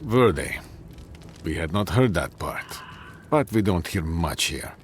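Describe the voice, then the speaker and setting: A man voicing a gruff, weary male dwarf tower commander in a video game, speaking grimly and bluntly. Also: deep voice, big pitch swings, unhurried, a little hiss or hum. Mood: wary. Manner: grim, blunt, gravelly.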